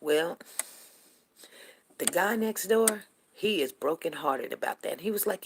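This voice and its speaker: A woman's voice: lowish voice, expressive, unhurried, long pauses, breathy edge. A middle-aged woman, telling a neighborhood story casually to live viewers and greeting them by name. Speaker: livestream host.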